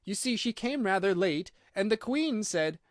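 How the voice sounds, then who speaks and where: A man doing a nervous, hurried rabbit. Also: sits high, expressive, dry recording, studio quality, voice pushed up. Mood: frightened. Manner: hurried and anxious. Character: nervous, timid male rabbit.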